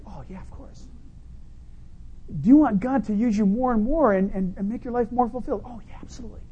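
A male pastor preaching a sermon in a conversational, humorous way, full of rhetorical questions and swinging between loud and quiet. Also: high-pitched, slightly rough, muffled recording.

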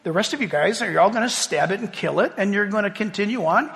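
A man preaching a sermon with animated delivery, swinging from hushed asides to loud exclamations. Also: sits high, fast, vocal fry. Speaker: pastor. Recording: reverberant hall.

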